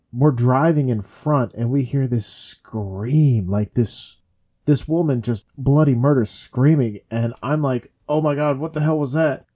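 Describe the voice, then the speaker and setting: A young man chatting casually, telling a story with lively acted-out quotes. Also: medium pitch. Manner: animated storyteller acting out quotes. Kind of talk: casual chat.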